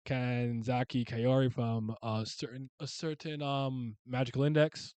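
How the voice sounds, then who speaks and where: A young man casually rambling through a ranked list of characters, swearing freely and breaking into sudden loud shouts. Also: mid-range voice, dry recording. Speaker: streamer ranking favorite comic and anime characters. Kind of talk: casual unscripted commentary.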